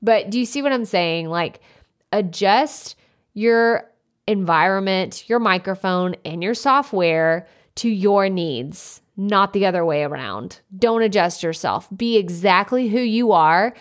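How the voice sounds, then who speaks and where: A woman with a loud, energetic voice hosts a solo podcast, talking as if over coffee with a friend. Her pitch sits in the middle range, and she speaks right into a close podcast microphone. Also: a little slow. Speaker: podcast host. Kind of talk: casual solo podcast talk. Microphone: studio podcast microphone up close.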